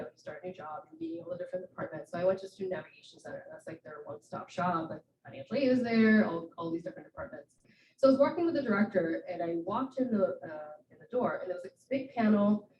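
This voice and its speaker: A woman's voice: medium pitch, mellow, slight background noise. A woman in her thirties giving an earnest, encouraging informal talk to students, with frequent fillers. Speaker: guest speaker. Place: event room. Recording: dull, roomy sound from a distance.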